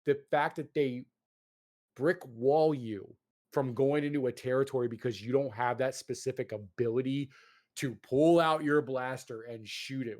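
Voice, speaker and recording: Male host, mid-pitched, ranting loosely about games, cursing freely. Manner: animated ranting, swearing, lots of fillers. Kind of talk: casual chat.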